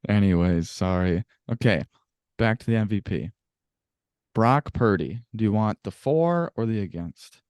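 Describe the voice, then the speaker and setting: A man co-hosting a casual sports podcast, animated and swearing freely as he tells stories. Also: lowish voice, unhurried, clear, resonant tone, no room sound, clean studio sound. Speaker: podcast co-host.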